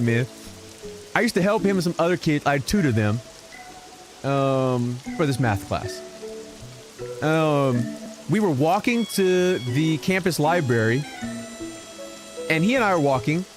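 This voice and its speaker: Male game streamer, lively swooping delivery, slightly high voice, game music underneath. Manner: animated, exaggerated storytelling with repetition for effect. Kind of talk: casual storytelling while gaming.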